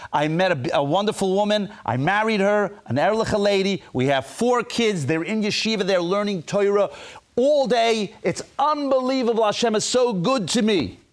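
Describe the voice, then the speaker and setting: A man's voice: sits high, animated, moderate pace, voice pushed up. A man doing a gushing grateful family man. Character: cheerful middle-aged male settler in Israel.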